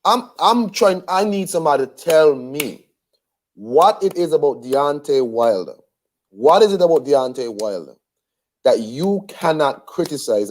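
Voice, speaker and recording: A man co-hosting a casual boxing chat, animated and incredulous, repeating himself when he gets heated. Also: on the high side. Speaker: boxing podcast co-host.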